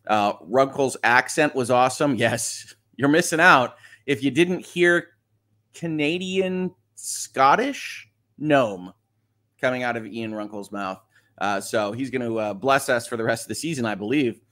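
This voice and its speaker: A man's voice: medium pitch, fairly bright tone. A middle-aged man hosting a casual morning livestream, reading viewer comments aloud and chatting about them with frequent laughs. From Michigan. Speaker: livestream host.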